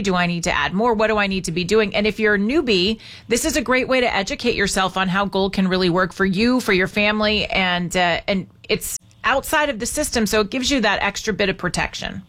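A woman's voice: mid-range voice, a bit bright. A woman hosting a morning talk radio show, upbeat and chatty, with many fillers. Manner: upbeat, chatty, laughs easily.

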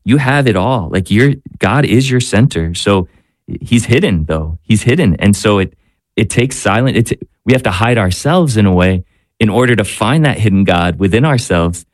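Male priest guest, low-ish, dry close mic, thoughtful and searching. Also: lively intonation, normal speed, no echo. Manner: reflective, searching for words, gentle restarts. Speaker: priest, spiritual director. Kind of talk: radio talk show discussion.

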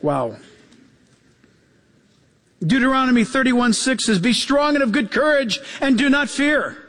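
A man preaching a sermon as pastor, telling stories in an animated way and acting out the quotes, repeating key phrases for emphasis. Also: a little slow, big-room sound. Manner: animated storytelling, acts out quotes with jumps in pitch.

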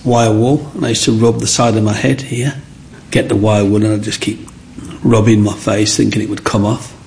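A man's voice: lowish voice, normal speed, creaky, a little hiss or hum. A middle-aged man, telling his life story as an interview guest and acting out the people in it. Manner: animated, acts out the people in his stories.

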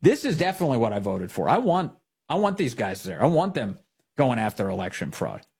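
A man hosting a political commentary show, talking in an animated, sarcastic way. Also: sits high, husky. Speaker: host.

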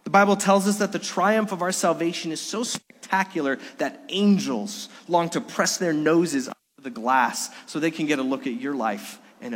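A middle-aged male pastor preaching a sermon, swinging between emphatic raised passages and soft, hushed lows. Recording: long hall reverb.

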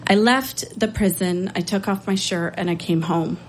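A woman telling a personal story on stage, earnest and unhurried, with emotion in her voice. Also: mid-range voice, fairly even intonation, slight background noise, low-quality recording. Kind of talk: live storytelling.

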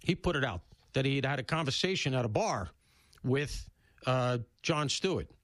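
A man hosting a talk radio show, talking bluntly and casually, with loud emphatic bursts and low asides. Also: animated, normal speed, no room sound. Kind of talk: opinionated talk radio monologue. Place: radio studio.

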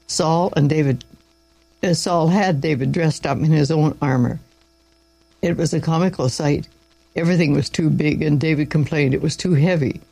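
A man reads a Bible story aloud in a loose, informal manner, stumbling now and then and correcting himself. His voice is a bit high for a man, with a gravelly edge. The sound is dry and close, with faint music underneath. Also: normal speed, dark tone, dry recording, poor audio. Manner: informal, with slips and asides.

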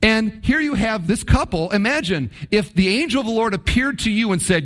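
Emphatic preaching man, high voice. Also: lively intonation. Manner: emphatic, swings between low drawn-out stresses and quick asides; addresses congregation directly with rhetorical questions. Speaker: pastor. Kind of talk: sermon.

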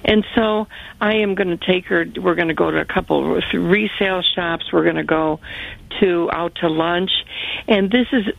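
A woman calling in to a Christian radio show, earnest and grateful, talking in halting phrases. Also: lowish voice, dry recording. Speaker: caller. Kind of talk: call-in radio testimony. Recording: phone line, slightly gravelly.

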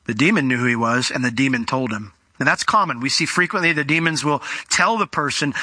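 A male preacher giving an animated expository sermon, explaining what words mean and asking rhetorical questions. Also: mid-range voice, fairly quick, few pauses, no echo.

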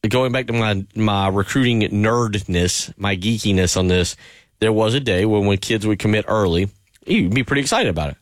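A man's voice: lowish voice, normal speed, dry recording, clean studio sound. A man hosting sports talk radio, rambling loosely with many fillers.

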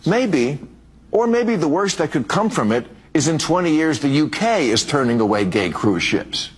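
A man's voice: a little high, very animated, moderate pace, slight background noise. A man giving a sardonic political speech.

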